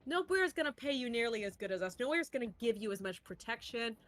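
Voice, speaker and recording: A woman's voice: fairly high pitch, animated, natural voice. A woman doing a sleazy, brusque male club boss. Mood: dismissive. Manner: brusque, talks down, fast.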